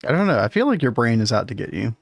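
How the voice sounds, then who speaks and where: A man's voice: medium pitch, big pitch swings, very fast, gravelly, no echo, studio quality. A man hosting a casual game stream, thinking aloud and chuckling often.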